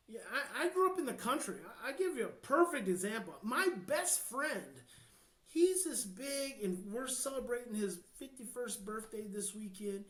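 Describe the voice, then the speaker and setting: American man, earnest podcast guest, hushed then emphatic, roomy echo. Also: extremely high pitch, lively intonation. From United States. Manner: passionate, slows down to near-hushed then swells with emphasis. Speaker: guest, child behavior expert. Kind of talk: podcast interview, earnest advice.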